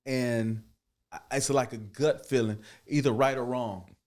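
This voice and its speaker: A man's voice: medium pitch, a little slow. Middle-aged man telling a story. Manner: builds to loud excited bursts when acting out scenes. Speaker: guest. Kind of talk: animated storytelling.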